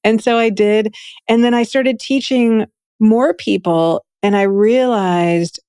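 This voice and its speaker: A woman's voice: mid-range voice, slow, darkish tone, clean tone, no room sound, clean studio sound. A woman being interviewed, talking with enthusiasm in a chatty, casual way, peppering her speech with "like" and "right?". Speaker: guest, Akashic Records reader and teacher.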